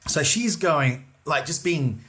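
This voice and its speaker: Lively man telling a comedy anecdote. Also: on the high side, slow pace. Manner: lively storyteller, acts out voices, swears casually. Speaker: comedy podcast co-host. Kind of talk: casual chat, anecdote telling.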